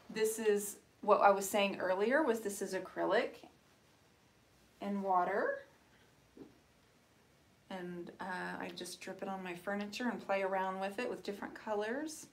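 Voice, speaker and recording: A middle-aged woman hosting a live painting stream, chatting casually and answering viewers. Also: medium pitch. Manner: chatty, rambling, reads out viewer comments. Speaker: host of a live painting show.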